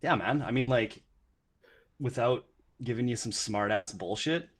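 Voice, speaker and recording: Canadian man, guest musician on a chat podcast; profane, self-mocking rambler, mid-pitched. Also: measured pace, husky. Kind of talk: crude joking podcast chat.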